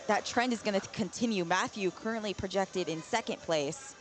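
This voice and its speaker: A woman giving live powerlifting commentary, excited and exclaiming at big lifts. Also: mid-range voice, moderate pace, faint music behind.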